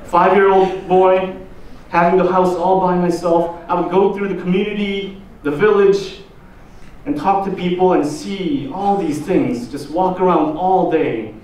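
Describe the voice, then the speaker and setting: A pastor with a Korean accent giving a slow sermon, asking the congregation drawn-out questions. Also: male voice, sits high, steady tone, a little mellow. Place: church hall. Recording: roomy echo, distant mic, faint noise.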